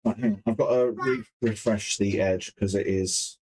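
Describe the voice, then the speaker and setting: A woman's voice: extremely low pitch, steady tone, moderate pace, darkish tone, slight background noise. A woman making a costume helmet, muttering to herself as she works, wry and self-deprecating. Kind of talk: casual crafting vlog.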